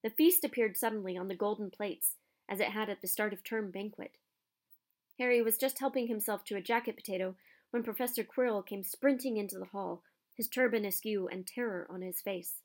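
Woman narrating an audiobook, expressive. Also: mid-range voice, fairly quick. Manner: expressive storytelling.

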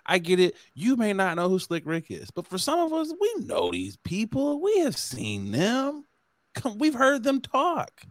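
A man's voice: a little slow, no room sound. A man co-hosting a podcast in casual chat, telling stories animatedly and acting out quotes. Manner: animated storytelling, acts out quotes in a high voice. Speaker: podcast co-host.

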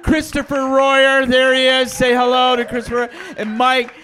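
A man's voice: extremely high pitch, monotone, normal speed, pushed and bright, soft background music. A male host introducing judges and hyping up the crowd at a live comedy show. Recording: noisy live room with crowd.

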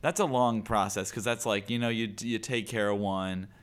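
A man's voice: on the low side, steady tone, moderate pace, smooth. A man co-hosting a podcast in casual comedic chat, riffing with jokes and the odd swear word. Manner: jokey, riffing, swears now and then. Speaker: podcast co-host.

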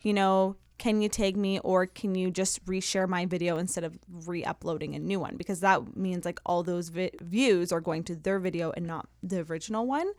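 A woman's voice: fairly low pitch, normal speed, hardly any pauses, a little mellow. A Canadian woman chats as an interview guest, friendly and easygoing. Her voice sounds dry and close, with no room echo. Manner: friendly, conversational, chatty. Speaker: guest, food entrepreneur. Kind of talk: casual interview chat.

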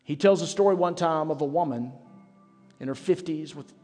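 Pastor preaching with a fairly high voice. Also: male voice, normal speed, darkish tone. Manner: conversational storytelling preaching. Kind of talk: sermon. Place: church sanctuary. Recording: long hall reverb with faint music.

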